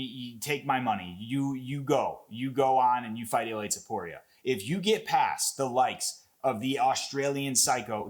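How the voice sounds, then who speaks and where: A young man talking casually and excitedly as he breaks down an upcoming fight, swearing often and rambling with restarts. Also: mid-range voice. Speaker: MMA commentator.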